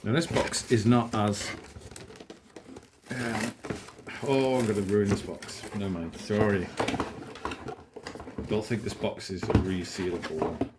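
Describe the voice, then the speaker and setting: A man's voice: lowish voice, fairly even intonation, slow, long pauses, heavy background noise. A man hosting a toy unboxing in a casual, chatty way, poking fun at himself as he works in his small home office. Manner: chatty, self-deprecating, talks while working with his hands.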